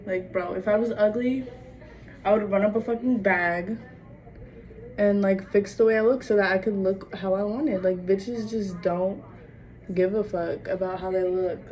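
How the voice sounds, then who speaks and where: A woman's voice: mid-range voice, steady tone, normal speed, darkish tone. Blunt young woman ranting from afar. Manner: blunt, profane, fills every phrase with "like". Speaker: vlogger. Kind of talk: casual monologue to camera. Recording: distant mic with faint background noise.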